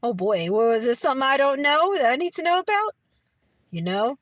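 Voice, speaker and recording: A woman's voice: sits high, sing-song, a little fast, no echo. Chatty Brooklyn woman with a New York accent. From Brooklyn, New York City. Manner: chatty, laughs often, rambling with many restarts. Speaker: livestream host reading chat. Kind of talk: casual chat.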